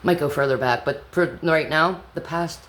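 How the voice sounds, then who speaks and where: A woman telling an angry personal story in a blunt, profane vlog monologue that sometimes drops to a low whisper. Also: moderate pace, fairly bright tone. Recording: echoey room with faint background hum.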